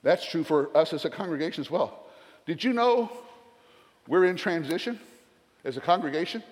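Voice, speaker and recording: Older Southern man, retired pastor, folksy sermon with joking asides, fairly high voice, church reverb. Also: animated, normal speed.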